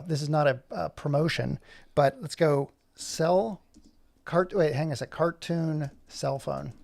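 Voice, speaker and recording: Gravelly man muttering through a tutorial. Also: fairly high pitch, a little mellow. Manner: chatty, self-mocking, mutters while working. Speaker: video creator. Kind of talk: screen-recorded tutorial with running commentary.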